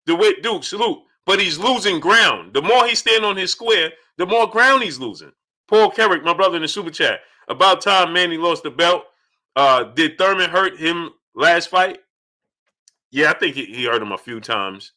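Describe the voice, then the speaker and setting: A man with a very bright, cutting voice that sits a little high, hosting a boxing talk livestream. He talks in animated bursts between loose commentary and shout-outs to viewers reading their chats. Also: moderate pace. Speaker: boxing talk show host.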